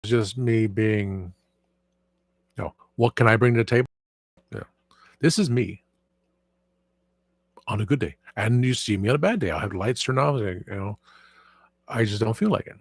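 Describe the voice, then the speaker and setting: A man's voice: fairly low pitch, moderate pace, pauses often, no room sound. A man hosting a casual live stream, rambling with many fillers and restarts while answering viewer chat. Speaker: livestream host.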